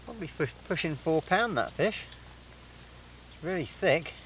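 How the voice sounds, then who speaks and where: A man's voice: on the high side, animated, unhurried, a bit bright, a little hiss or hum, low-quality recording. A man from England filming a casual fishing vlog outdoors by a lake, chatting and explaining his tackle step by step. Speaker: angler vlogger.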